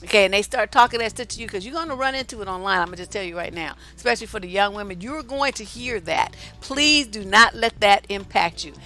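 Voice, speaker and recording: A woman's voice: mid-range voice, quick pace, hardly any pauses, bright, forceful tone, soft background music. An older woman working as a relationship coach, giving a blunt, profane motivational talk to women viewers and hammering home her points by repeating them. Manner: blunt, profane and emphatic, repeating key phrases.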